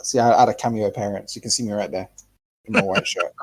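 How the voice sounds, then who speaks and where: A man co-hosting a casual podcast chat, rambling and animated, swearing freely and restarting his sentences often. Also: lowish voice, fast, vocal fry, husky. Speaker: podcast co-host.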